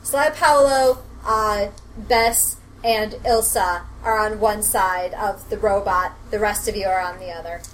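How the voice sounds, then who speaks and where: A woman's voice: mid-range voice, little pitch movement, a little slow, a bit bright, slight background noise, rough recording. A woman running a tabletop game as game master, narrating with frequent hesitations. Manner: hesitant, filler-heavy narration.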